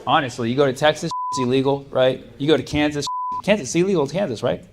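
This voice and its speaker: A man's voice: medium pitch, fast talker. A man doing a stand-up set in a comedy club, chatting with the crowd in a loose, laid-back way, full of likes and you-knows, often laughing. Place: comedy club stage with an audience. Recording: live club room with noise.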